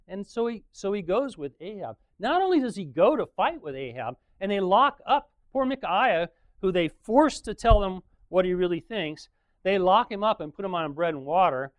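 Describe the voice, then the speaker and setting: A man's voice: high-pitched, sing-song, moderate pace, no room sound. A man preaching in a casual, joking way, retelling a story with frequent chuckles.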